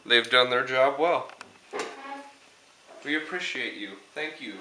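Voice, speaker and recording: A young man hosting a mock cooking show with deadpan, mock-serious delivery. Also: mid-range voice, slow. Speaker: comedic cooking show host. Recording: echoey kitchen, mic far off, noisy. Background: pans sizzling.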